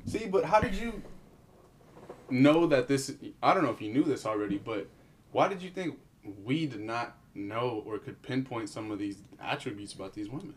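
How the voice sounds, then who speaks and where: A man's voice: mid-range voice, expressive, normal speed. A man co-hosting a podcast in casual chat, playful and teasing, with plenty of fillers. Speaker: podcast co-host.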